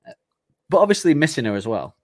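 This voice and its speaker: A man's voice: on the high side, sing-song, fast, darkish tone, no room sound, clean studio sound. A man co-hosting a casual music podcast, rambling through his thoughts with plenty of laughs and restarts. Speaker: podcast co-host. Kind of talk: casual chat.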